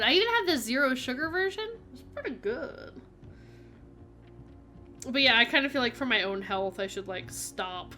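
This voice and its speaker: High-voiced chatty young woman streamer. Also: moderate pace, sharp tone, soft background music. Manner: chatty and rambling, with frequent "like" fillers and giggles. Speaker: game streamer. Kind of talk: casual chat while playing a video game.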